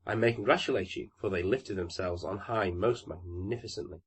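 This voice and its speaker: A man voicing a wise old male stork in a storybook reading, measured and thoughtful. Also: deep voice, slightly rough. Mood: musing.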